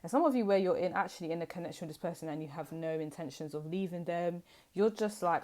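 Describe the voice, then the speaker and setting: Quick-paced and on the low side, with a darkish tone, a young adult tarot reader talks to the camera. Her reading is casual and rambling, full of chatter and slang.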